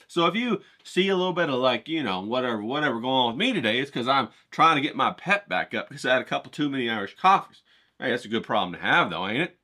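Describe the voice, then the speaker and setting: Very animated and quick, a middle-aged man with a medium-pitched, sharp voice rambles excitedly through an outdoor vlog on a cold day. He swears casually and speaks straight to his audience in chatty vlog style.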